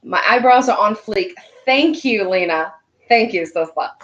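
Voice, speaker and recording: A young woman talks to viewers on a live stream from home. She is chatty and upbeat, with a steady mid-range voice and lots of filler words between her points. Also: mid-range voice, measured pace, highs cut off. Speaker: host. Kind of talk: casual live-stream chat.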